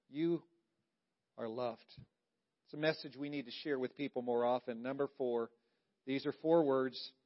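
A man preaching a sermon as pastor, stressing key words loudly and then dropping to hushed, intimate lines. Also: mid-range voice, highs cut off.

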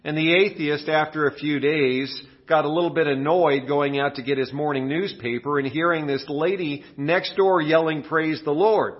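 A man preaching a sermon while getting over a cold, his voice sitting a little high. He tells his story with big acted-out exclamations. The recording is dull and lo-fi. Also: fairly even intonation, normal speed, few pauses. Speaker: pastor.

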